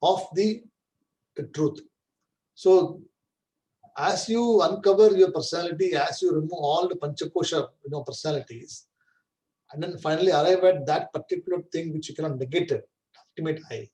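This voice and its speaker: Mellow-voiced man teaching scripture. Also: on the high side, normal speed, poor audio. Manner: explains patiently, checks understanding with "right?" and "correct?". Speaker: Vedanta teacher. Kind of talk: scriptural class lecture.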